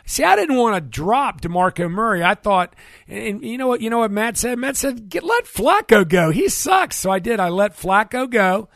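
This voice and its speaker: A middle-aged man hosting sports talk radio, rambling and joking loudly at a studio mic. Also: high-pitched, moderate pace, creaky, no room sound. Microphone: studio microphone.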